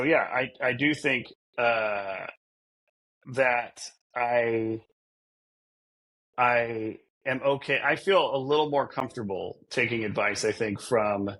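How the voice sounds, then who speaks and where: A podcast co-host chats casually, rambling, poking fun at himself and laughing often. His voice is mid-range with a fairly bright tone.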